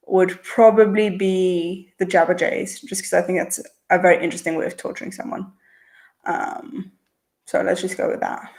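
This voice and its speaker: A young woman hosts a casual livestream Q&A, picking up viewers' questions one by one. Her delivery is relaxed and chatty, and she muses aloud before settling on each answer. Her voice sits at a middle pitch for a woman. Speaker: channel host.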